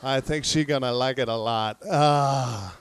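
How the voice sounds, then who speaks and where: Onstage at a comedy club, a man performs a stand-up set of deadpan stories, playing both sides of conversations. His mid-range voice runs a little slow, with a little hiss or hum in the recording.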